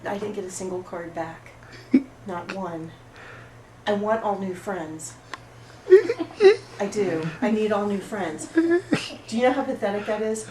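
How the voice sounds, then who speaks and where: An actress playing an oversensitive, apologetic woman at a support group, rambling through an improvised monologue in a rough, emotionally raw way. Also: fairly low pitch, steady tone, slow, long pauses. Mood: wounded. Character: oversensitive, apologetic woman pouring out her woes. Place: roomy studio space. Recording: echoey room, far mic, background noise.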